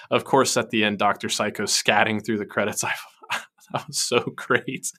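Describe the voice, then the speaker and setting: A man co-hosting a podcast, chatting casually and animatedly about an animated episode, laughing often and quoting lines. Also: on the low side, normal speed. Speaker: podcast co-host.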